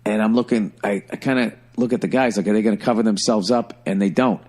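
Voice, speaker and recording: A middle-aged man telling a funny story in a casual, profane, animated way, like a stand-up comedian on a podcast. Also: lowish voice, fast.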